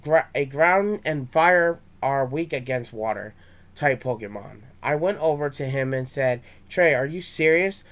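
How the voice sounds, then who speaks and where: A man's voice: mid-range voice, measured pace. A young man reading his own fan story aloud, with small stumbles and restarts.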